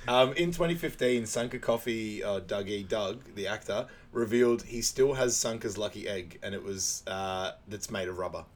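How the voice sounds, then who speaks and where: A man co-hosting a podcast, chatting casually as he recaps a movie, breaking into loud, high voices for quotes and laughing often. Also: moderate pace, few pauses. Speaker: podcast co-host.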